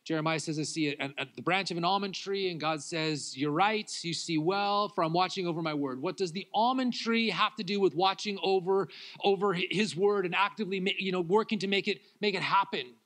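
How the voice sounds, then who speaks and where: Bright-voiced man preaching a sermon. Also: high-pitched, fairly quick. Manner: swings between loud acted-out pleas and quiet confiding talk, laughs often. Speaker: pastor.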